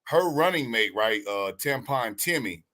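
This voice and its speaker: A man joins the show on a call, chatting loosely and often restarting his phrases. His voice is bright, with a forceful edge. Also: medium pitch, expressive, a little slow. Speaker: guest on call. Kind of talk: casual chat.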